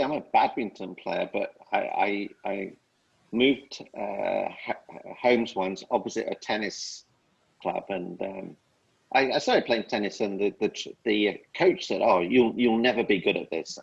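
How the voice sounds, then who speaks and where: A man as an interview guest, telling upbeat stories and giving slow, emphatic life advice. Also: lowish voice, vocal fry, slightly rough, dull audio. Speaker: guest speaker. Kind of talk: casual interview chat.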